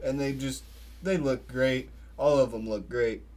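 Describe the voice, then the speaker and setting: A man's voice: medium pitch, fairly even intonation, unhurried, a little mellow. A young adult man hosting a podcast, telling rambling stories in casual livestream chat and laughing often. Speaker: podcast host.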